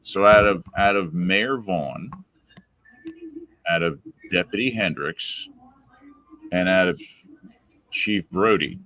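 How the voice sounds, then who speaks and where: Deep-voiced man hosting a lively chat. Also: takes it slowly, long pauses, no room sound. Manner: leads the discussion and poses questions to guests and viewers. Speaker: podcast host. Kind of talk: live fan chat show.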